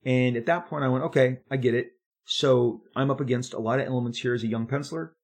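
A middle-aged man, a comic book artist, recounting his career in an animated, confiding monologue with frequent restarts. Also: medium pitch, quick pace. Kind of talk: storytelling monologue.

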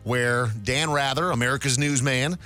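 A man's voice: mid-range voice, steady tone, normal speed, bright, forceful tone, soft background music. A man co-hosting a podcast, introducing viral clips in wry, rambling casual chat. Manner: wry, rambling, self-deprecating. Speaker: podcast co-host.

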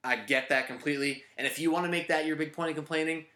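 Male podcast host, forceful bright tone, teasing and opinionated, roomy echo. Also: fairly high pitch, steady tone, fast talker. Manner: joking, emphatic, opinionated. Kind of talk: casual chat. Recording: echoey room.

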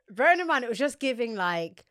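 A London-accented woman co-hosts a podcast, chatting casually and acting out the dialogue in her animated stories. Her voice is fairly high, and the clean studio recording has no echo.

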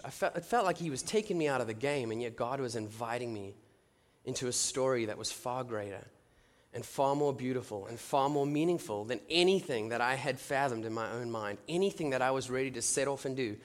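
A man's voice: medium pitch, a little fast. 30s guy preaching his story, casual and jokey, lots of restarts, mid voice, echoing round a big hall. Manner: chatty, jokey asides, frequent restarts; drops to a soft hush at intimate moments. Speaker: church speaker sharing his testimony. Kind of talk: conversational sermon testimony. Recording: long reverb from a large hall.

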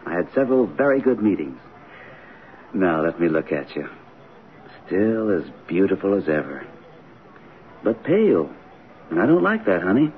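Gentle middle-aged father, very deep and expressive, lo-fi radio-play sound. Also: moderate pace, long pauses. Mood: tender. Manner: gentle, reassuring, patient. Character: kindly middle-aged male author, doting father. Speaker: author and father. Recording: tinny 1970s radio broadcast, faint hiss.

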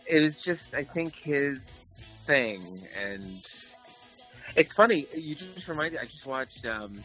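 A man's voice: fairly high pitch, lively intonation, slow pace, bright, forceful tone, faint music behind, poor audio. A man co-hosting a movie podcast, chatting casually and rambling with lots of fillers. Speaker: podcast co-host. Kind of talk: casual chat.

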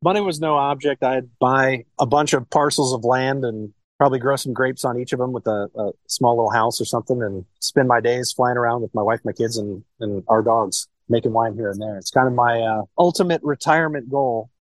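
A man's voice: medium pitch, steady tone, a little fast, few pauses, no room sound, rough recording. A man in his thirties from Ohio, a sommelier talking in a loose, rambling way in a podcast interview, often swearing and repeating words. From Cincinnati, Ohio. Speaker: sommelier and wine shop owner.

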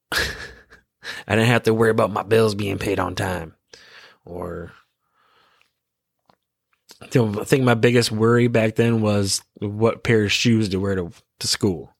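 A man's voice: fairly low pitch, gravelly, no room sound, clean studio sound. Laid-back giggly stoned man. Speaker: podcast host. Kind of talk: casual rambling monologue.

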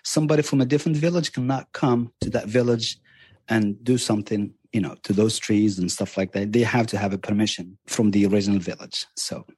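A man with a husky, slightly breathy voice talks through his explanation in a relaxed, conversational way. His sound is dry and close, with no room echo. He builds his points step by step with examples. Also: lowish voice, a little fast. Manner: explains patiently with examples, chuckles now and then. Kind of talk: casual conversational interview.

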